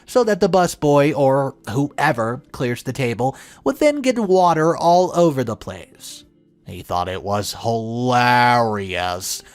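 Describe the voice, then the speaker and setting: A man's voice, likely synthetic, narrating reader-submitted stories from a script and reading the text literally and evenly. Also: on the high side.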